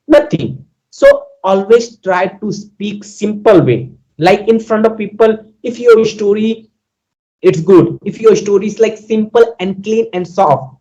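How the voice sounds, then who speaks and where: A man's voice: high voice, dark tone, lo-fi sound. A man with an Indian English accent talking earnestly in a casual conversation about learning English, with many fillers and repeats. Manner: earnest, repetitive, lots of fillers. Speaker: guest.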